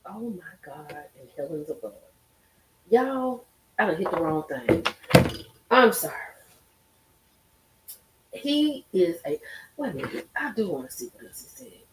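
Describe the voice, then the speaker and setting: A woman's voice: lowish voice, big pitch swings, a little slow, long pauses, background noise. A woman hosting a casual live stream, reacting expressively and talking straight to her chat. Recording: roomy echo.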